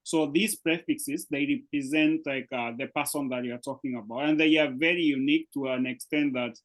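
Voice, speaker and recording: Over a video call, a male Swahili teacher leads a beginners' language lesson, patiently explaining and frequently confirming his students understand. He speaks at a normal speed in a mid-range, fairly bright voice with fairly even intonation, though the audio is poor.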